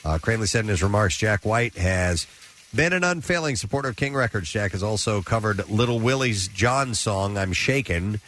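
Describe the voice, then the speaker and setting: A man's voice: lowish voice, lively intonation, moderate pace, a bit bright, a little hiss or hum. A man with a sore throat and the sniffles, hosting a morning radio show and reading entertainment news with asides.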